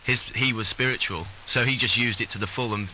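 A man's voice: mid-range voice, a little fast, pushed and bright, a little hiss or hum, rough recording. A man who was born and raised in Britain, chatting easily as an actor guest in an interview. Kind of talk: casual interview chat.

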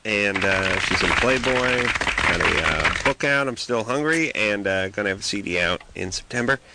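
A man's voice: fairly low pitch, animated, normal speed, heavy background noise. A man hosting a late-night call-in radio show, ranting and joking sarcastically.

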